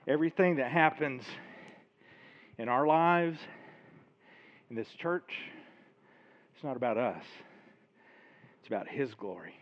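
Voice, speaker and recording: Breathless pastor closing a sermon. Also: male voice, mid-range voice, expressive, unhurried, long pauses, muffled recording. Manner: informal, earnest, with hesitations.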